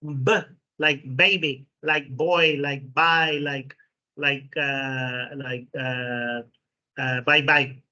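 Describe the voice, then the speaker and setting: Guy teaching english sounds, sharp bright voice, really slow, muffled lo-fi audio. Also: mid-range voice, steady tone. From Mexico. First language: Spanish. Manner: slow, repeats sounds, checks in with "okay". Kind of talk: classroom phonetics lesson. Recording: dull lo-fi recording.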